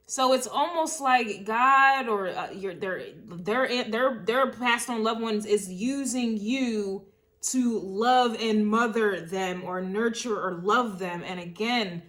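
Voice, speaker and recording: A woman's voice: a little high, fairly bright tone. A woman giving a casual tarot reading, talking emotionally and repeating herself as she thinks aloud. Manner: casual, uses swear words. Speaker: tarot reader.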